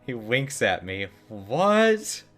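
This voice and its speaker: A man's voice: mid-range voice, sing-song, very slow, a bit bright, faint music behind. A man streaming a game, commenting in a casual, wry and joking way.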